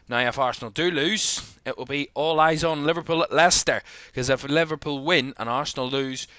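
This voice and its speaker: Belfast guy hosting a live footy watchalong, bright voice, rambles a lot with uhs. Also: mid-range voice, clear, resonant tone, no echo. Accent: Northern Irish. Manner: rambling with frequent fillers. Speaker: host.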